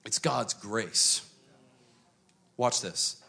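A man preaching a sermon to a church congregation, emphatic and dramatic, switching between quick runs and slow, stressed phrases. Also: on the low side, gravelly, bright, forceful tone. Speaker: pastor.

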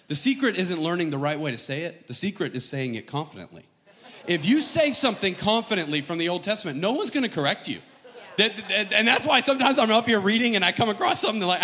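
An American man preaches from a church stage, reading scripture dramatically and cracking jokes between the verses. His voice sits a little high, and a long reverb from the hall trails after each phrase. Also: pushed and bright. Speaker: pastor. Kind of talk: sermon.

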